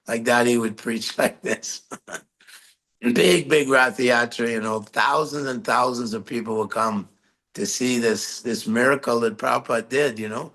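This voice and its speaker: A man giving a talk, telling anecdotes with frequent laughter and animated delivery. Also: medium pitch, moderate pace, vocal fry, low-quality recording. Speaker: lecturer recalling memories. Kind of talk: storytelling talk.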